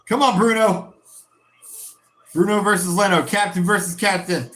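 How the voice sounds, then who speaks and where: A man hosting a football watch-along, reacting live with excitable shouting and frequent swearing. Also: high-pitched, moderate pace.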